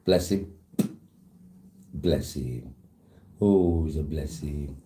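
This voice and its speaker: A man's voice: very deep voice, unhurried, long pauses, mellow. A man chatting casually to viewers, swearing often and telling rambling stories.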